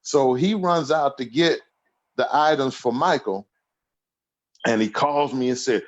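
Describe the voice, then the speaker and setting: A man's voice: medium pitch, measured pace, long pauses. A man in his sixties, a podcast guest telling humorous stories with frequent laughter. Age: 60s. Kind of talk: casual storytelling interview.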